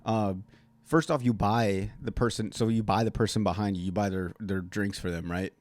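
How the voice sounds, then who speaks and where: A man's voice: lowish voice, fairly even intonation, normal speed. A man hosting a solo podcast, ranting in a sarcastic, rambling way and swearing constantly. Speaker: podcast host.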